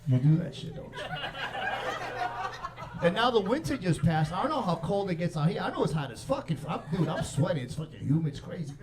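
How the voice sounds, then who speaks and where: A high-voiced man works a stand-up crowd, brash and profane. He is recorded live in a comedy club, with loud laughter from the audience around him. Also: big pitch swings, brisk. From New York.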